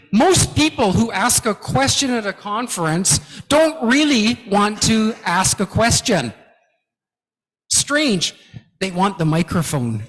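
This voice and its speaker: A man giving a guest lecture to academics, teaching slowly and emphatically and often checking in with "okay?". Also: high voice, fairly bright tone. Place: large lecture hall. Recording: long hall reverb.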